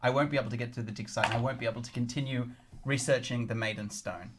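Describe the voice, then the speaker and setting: A man's voice: mid-range voice, fast, a bit bright. A man running a tabletop game as game master, playful and laughing often.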